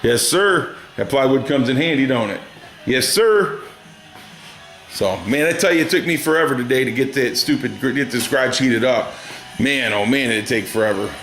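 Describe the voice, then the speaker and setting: A man's voice: mid-range voice, expressive, moderate pace, a bit bright, reverberant, faint music behind. A middle-aged man chatting casually and rambling through a story in his home garage, folksy and drawling. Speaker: garage hobbyist vlogger. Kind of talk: casual workshop chat.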